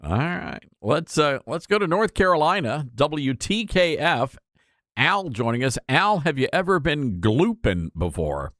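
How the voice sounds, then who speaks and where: A man's voice: fairly high pitch, sing-song, measured pace, a bit bright, dry recording, studio quality. A man hosting a talk radio show, joking and bantering playfully with his co-host and callers.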